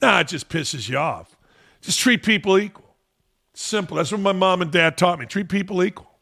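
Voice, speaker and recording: A man's voice: high voice, lively intonation, normal speed, vocal fry, bright, forceful tone. A man hosting a sports-talk podcast, ranting in a blunt, profane, combative way. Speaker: podcast host.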